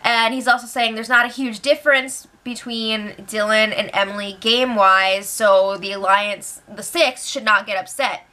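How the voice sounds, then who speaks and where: A woman's voice: a little high, fairly even intonation, normal speed, few pauses, pushed and bright. A woman hosting a casual spoiler recap, chatty and opinionated, laughing often. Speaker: show recap host.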